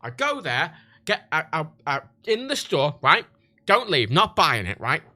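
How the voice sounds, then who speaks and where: A man's voice: fairly high pitch, sing-song, measured pace, sharp tone. A man with a British accent chatting on a livestream in a rambling, crude way, often breaking off and restarting. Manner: rambling, crude, self-interrupting. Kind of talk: casual livestream chat.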